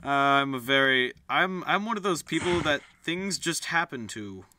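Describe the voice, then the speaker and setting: A man's voice: fairly high pitch, lively intonation, normal speed, noisy background. A man hosting casual gameplay commentary, easygoing and self-deprecating, politely asking his teammate for things as he plays. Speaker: gaming channel host.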